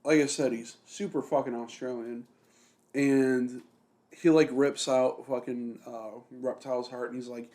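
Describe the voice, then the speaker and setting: A man's voice: mid-range voice, fairly even intonation, unhurried, dark tone. A young man co-hosting a podcast in casual chat, rambling with lots of fillers and constant swearing. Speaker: podcast co-host.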